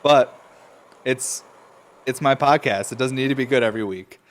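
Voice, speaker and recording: A man's voice: mid-range voice, moderate pace. Stoned man rambling on his podcast. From upstate New York. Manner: loose storytelling, frequent coughs and laughs, swears casually. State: stoned, runny nose. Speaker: podcast host. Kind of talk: casual rambling monologue.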